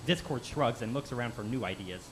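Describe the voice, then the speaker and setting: A man's voice: medium pitch, lively intonation, fairly quick. Man reading a script with wry asides. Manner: dry narration broken by wry asides. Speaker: channel host reading a script aloud. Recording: noisy home recording.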